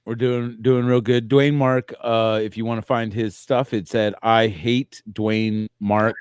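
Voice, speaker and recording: A man's voice: on the low side, little pitch movement, unhurried, smooth, dry recording, clean studio sound. Rambling man on a comedy podcast. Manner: rambling, meandering hypotheticals. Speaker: podcast co-host. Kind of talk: casual comedic chat.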